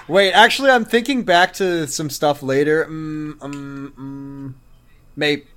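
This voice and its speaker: Man podcast guest, slightly high pitch, wisecracking. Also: takes it slowly, a bit bright. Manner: joking, teasing innuendo. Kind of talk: casual chat.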